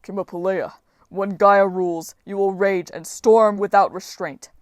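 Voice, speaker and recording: A woman reading an audiobook voices a brutish male sea giant who shouts in slow, heavy outbursts. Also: medium pitch, fairly even intonation, dry recording, clean studio sound, natural voice. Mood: bellowing.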